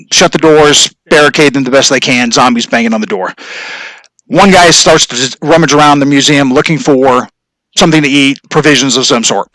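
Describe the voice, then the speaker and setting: A man's voice: medium pitch, fairly bright tone, no echo, poor audio. A man hosting a casual livestream from his home studio, rambling with many fillers and chuckling at his own corny jokes. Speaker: livestream host.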